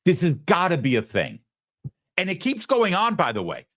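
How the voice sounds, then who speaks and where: Animated man hosting a commentary show. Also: sits high, moderate pace, dry recording, clean studio sound. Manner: animated, with frequent stammered restarts. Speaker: host. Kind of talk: opinionated political commentary.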